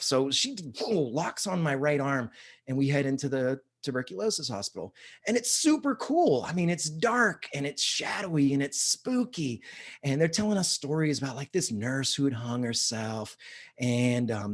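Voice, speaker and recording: A man telling a comic personal story in a self-deprecating, animated way, with halting restarts. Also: fairly high pitch.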